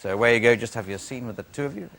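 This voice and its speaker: Before a studio audience, a man hosts an improv comedy show, setting up games and dropping dry, wry asides. His medium-pitched voice races along with lively intonation, a creaky edge, and a fairly bright tone, while laughter and noise from the crowd fill the recording.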